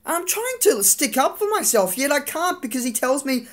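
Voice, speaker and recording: A vlogger venting in a live-streamed rant, frustrated and swearing, with lots of halting fillers and restarts. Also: sits high, very animated, fairly bright tone.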